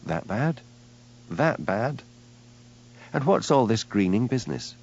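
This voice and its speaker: A man voicing a poised young woman who owns a hotel, speaking gently with a worried edge. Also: mid-range voice, very animated, takes it slowly, husky, highs cut off, exaggerated voice.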